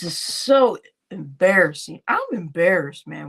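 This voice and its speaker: A woman's voice: on the high side, lively intonation, normal speed, a bit bright. Indignant woman reacting on livestream. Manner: indignant, mocking, repeats lines with laughter. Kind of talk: casual reaction commentary.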